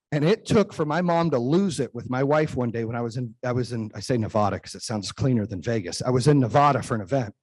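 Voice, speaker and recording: Husky-voiced man telling a motivational story. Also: on the high side, darkish tone. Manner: emphatic storytelling, acts out quoted voices. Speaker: podcast host. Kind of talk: motivational monologue.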